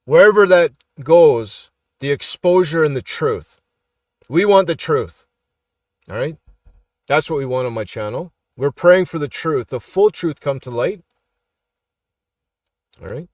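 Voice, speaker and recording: This middle-aged Canadian street minister and YouTube commentator has a fairly high, lively voice, recorded clean in a studio with no room sound. He reads online posts aloud in casual live commentary, taking his time, pausing often, and repeatedly asking "all right?" like a preacher.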